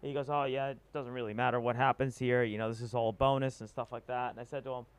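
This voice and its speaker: Halting surfer man co-commentating. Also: mid-range voice, level tone, clear, resonant tone. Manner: halting, full of restarts and fillers. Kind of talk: live sports commentary.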